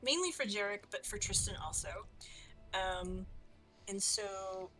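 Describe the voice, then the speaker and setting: A woman's voice: medium pitch, a little slow, bright, forceful tone, soft background music, low-quality recording. A woman playing a tabletop game online, thinking aloud hesitantly with many fillers. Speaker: player.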